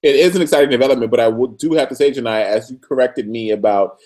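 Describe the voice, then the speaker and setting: A man with a voice of ordinary pitch co-hosts a TV recap show. He talks in an animated way and laughs easily while he chats with his partner. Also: quick pace, very noisy. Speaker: podcast co-host. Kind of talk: casual TV recap chat.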